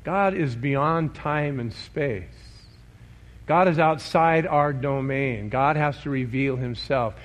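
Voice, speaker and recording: A man's voice: mid-range voice, slow pace. A male pastor preaching a sermon, emphatic and conversational, often asking his congregation questions.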